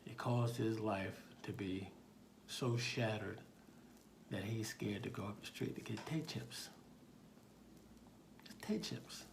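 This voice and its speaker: A police officer giving an emphatic, plain-spoken motivational talk in a colloquial manner. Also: male voice, lowish voice, fairly even intonation, measured pace, creaky, background noise. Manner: emphatic, colloquial, preachy, acts out dialogue. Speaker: police officer telling a story.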